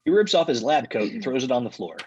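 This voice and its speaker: A man reading the stage directions deadpan in a live comedy table read. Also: mid-range voice, fast talker, breathy edge, highs cut off.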